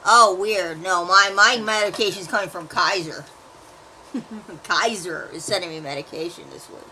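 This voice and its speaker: A woman in casual group chat, chiming in with quick, chatty remarks. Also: on the low side, bright, forceful tone, a little hiss or hum.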